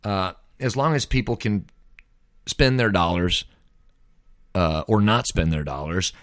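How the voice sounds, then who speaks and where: This male podcast host speaks in a low voice at a slightly slow pace, rambling casually and folksily while often saying "man." The audio is clean studio sound without any room sound.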